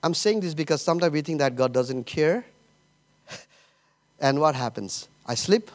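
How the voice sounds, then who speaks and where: A man's voice: fairly high pitch, animated, normal speed. A man preaching a sermon as pastor, telling a personal story with emotion, laughter and many repetitions.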